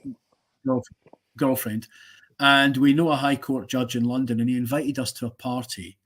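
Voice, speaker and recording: A man's voice: medium pitch, fairly even intonation, normal speed, fairly bright tone, breathy edge. A man hosting a casual live stream, giving strong opinions in a rambling way and joking with viewers.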